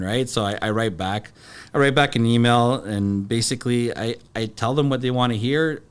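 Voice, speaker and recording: A middle-aged man, a podcast guest, telling stories in a halting, plain-spoken way full of fillers and restarts. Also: mid-range voice, smooth. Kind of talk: casual storytelling.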